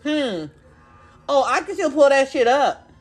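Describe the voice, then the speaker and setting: A woman's voice: high-pitched, animated, a little slow, soft background music. A woman hosting a podcast, delivering an angry, profane, confrontational monologue and mocking others in quoted voices. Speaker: podcast host.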